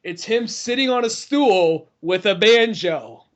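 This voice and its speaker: A man's voice: sits high, lively intonation, unhurried. A man co-hosting a podcast, telling a rambling story in casual chat with lots of fillers and laughs. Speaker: podcast co-host. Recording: dull lo-fi podcast audio.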